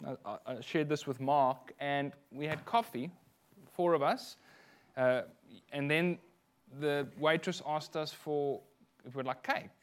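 A middle-aged man with a South African accent preaches in an animated, storytelling way, stepping aside into personal anecdotes. His voice sits a little high for a man. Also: unhurried, smooth. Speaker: minister.

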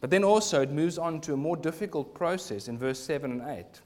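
A man's voice: fairly high pitch, lively intonation, brisk, a little mellow. A man preaching a sermon to his congregation in church, earnest and rising to emphatic bursts. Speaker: pastor.

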